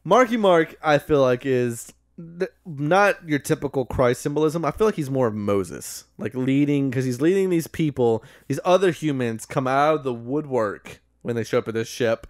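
A man's voice: mid-range voice, animated, normal speed, dry recording, studio quality. A man co-hosting a podcast, recapping a movie in casual, sarcastic, profane chat. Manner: sarcastic, profane, laughing at his own jokes. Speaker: podcast co-host.

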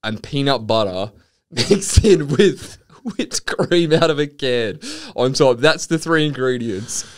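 Lively joking male podcast host. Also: medium pitch, takes it slowly. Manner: joking, laughs often, lively. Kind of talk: casual chat.

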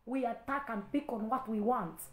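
A woman's voice: fairly high pitch, moderate pace. Fiery woman preacher in an echoey room. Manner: exhorting, repetitive, rising to stern loud warnings. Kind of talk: impassioned online sermon.

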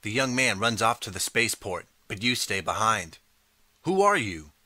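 A man reading a choose-your-path storybook aloud in the second person, steady and clear. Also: lowish voice, normal speed, dry recording. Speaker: audiobook narrator.

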